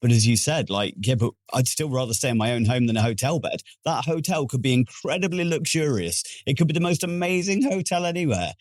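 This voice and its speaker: A man's voice: medium pitch, animated, brisk, hardly any pauses, no room sound. A man hosting a podcast, responding with enthusiastic agreement. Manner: enthusiastic, affirming interjections. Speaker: podcast host. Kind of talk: podcast conversation.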